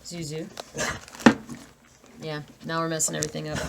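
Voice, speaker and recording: A woman's voice: deep voice, little pitch movement, normal speed, gravelly, pauses often, heavy background noise. A woman chatting casually on a live stream at home, reading viewer comments aloud and breaking off to deal with her dogs. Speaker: cross-stitch vlogger.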